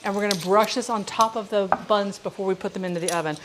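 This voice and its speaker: A woman's voice: mid-range voice, quick pace, noisy background. A woman hosting a chatty live cooking stream, talking viewers through each step of a recipe and chatting with them as she goes. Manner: talks viewers through each step while reading chat. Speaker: home cook streamer.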